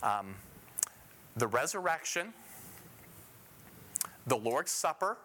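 A man's voice: medium pitch, big pitch swings, slow pace, bright, forceful tone, slight background noise. A man teaching a Bible passage verse by verse. He emphasizes key phrases and puts questions to his listeners before answering them himself.

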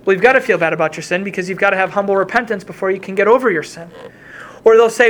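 A man's voice: high-pitched, lively intonation, fast, fairly bright tone. A man preaching a sermon, earnest and repetitive, quoting scripture.

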